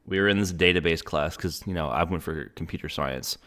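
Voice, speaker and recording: A man's voice: low voice, a little fast, pushed and bright. A young man interviewing a guest in a casual chat, rambling with many "um"s and "you know"s. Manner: rambling, many fillers and restarts. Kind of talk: casual conversation.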